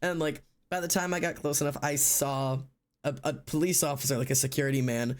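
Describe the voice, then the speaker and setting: A man's voice: on the high side, steady tone, brisk. Rambling man telling a story. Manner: rambling, filler-heavy, acts out quotes. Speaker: streamer. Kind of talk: casual storytelling.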